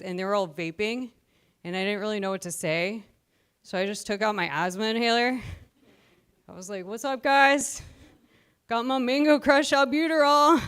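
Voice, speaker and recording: A woman in her thirties performs stand-up with a smooth, clear voice. She sounds short of breath and mocks herself in a lively way, often laughing at her own jokes. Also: on the high side. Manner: self-deprecating, animated, laughing at own jokes. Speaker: stand-up comedian. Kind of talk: stand-up comedy set.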